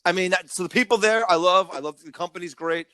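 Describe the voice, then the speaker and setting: A man talks on a casual podcast, swearing freely and ranting with animated energy, often tripping over restarts. His voice sits a bit higher than most men's. The sound is dry and close. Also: quick pace, clean tone, no room sound. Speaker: podcast co-host.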